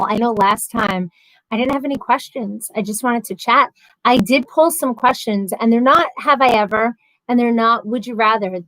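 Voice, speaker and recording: Woman, livestream host, higher voice, dry close sound; chatty and sarcastic while reading comments. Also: fairly bright tone, no room sound, low-quality recording. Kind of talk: casual chat reading viewer comments.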